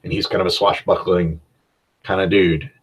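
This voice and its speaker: A man hosts a casual solo podcast about running games. His voice sits fairly low and relaxed. He rambles and fills his talk with "um" and "you know," and he pokes fun at himself as he goes. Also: normal speed, slightly rough, rough recording. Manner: rambling and self-deprecating, with many fillers. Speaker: podcast host and game master.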